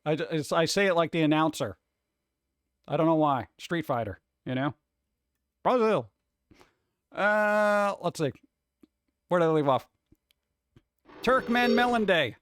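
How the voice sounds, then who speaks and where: A man's voice: a little high, normal speed, pauses often, no room sound, studio quality. A man hosting a casual livestream, rambling from topic to topic with sarcastic jokes. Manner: rambling, jokey, sarcastic asides. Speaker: livestream host.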